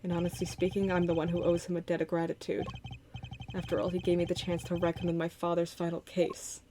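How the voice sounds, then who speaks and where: A woman's voice: lowish voice, completely flat delivery, quick pace, noisy background, close to an everyday voice. A woman reading an earnest young male prosecutor. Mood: reflective. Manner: reads game lines aloud in her own voice.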